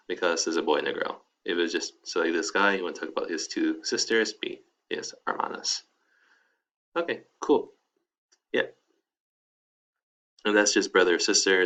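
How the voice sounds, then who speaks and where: A man teaching a casual video lesson, chatty and relaxed, repeating each word slowly. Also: low-pitched, gravelly, highs cut off. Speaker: Spanish teacher.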